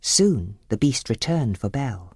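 A woman reading a children's storybook aloud with expressive delivery, faint music behind. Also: extremely low pitch, unhurried. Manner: expressive, animated.

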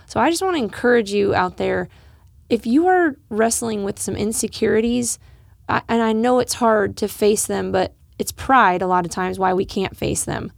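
A woman's voice: medium pitch, moderate pace, gravelly, no room sound, studio quality. A woman co-hosting a casual Bible study chat, earnest and encouraging, laughing often. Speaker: podcast co-host discussing scripture.

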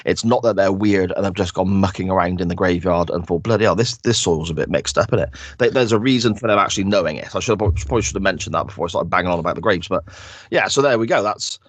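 A low-voiced man talking casually on a podcast, recapping the story with tag questions and fillers. The sound is dry and close, with no room around it. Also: fast, no echo. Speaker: podcast co-host. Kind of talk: casual chat.

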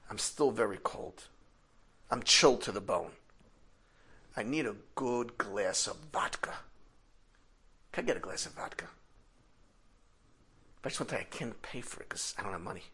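A man voicing a cold, penniless wanderer who speaks low and hushed. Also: expressive, moderate pace, pauses often, breathy edge, heavily acted. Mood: pleading. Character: poor, cold, disheveled older male wanderer.

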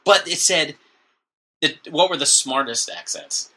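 A man co-hosting a comedy podcast in casual banter, joking and dropping into quick mock voices. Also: fairly high pitch, expressive, sharp tone. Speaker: podcast co-host.

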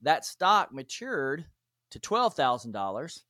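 A man of middling pitch tells animated stories as a podcast guest, slipping into the voices of the people in them. The recording is dry and close, with no room sound. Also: takes it slowly, no echo. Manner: animated, acts out dialogue in stories. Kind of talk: interview storytelling.

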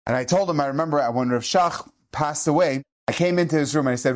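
Middle-aged rabbi telling stories, slightly high voice. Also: male voice, fast talker. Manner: earnest storytelling sprinkled with Hebrew and Yiddish terms; acts out quoted speech in lively shifting voices. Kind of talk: inspirational eulogy talk.

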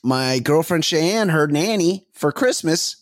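A man's voice: fairly high pitch, animated, slow, dry recording, clean studio sound. A man co-hosting a comedy podcast, telling rambling, profane stories full of restarts in casual chat. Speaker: podcast co-host.

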